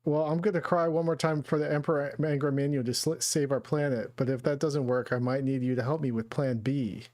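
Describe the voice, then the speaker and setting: A man's voice: mid-range voice, steady tone, a little fast, darkish tone, dry recording, studio quality, natural voice. A man voicing a crude, selfish male ruler of a failing planet who sneers at his people and gushes over his son. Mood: gushing.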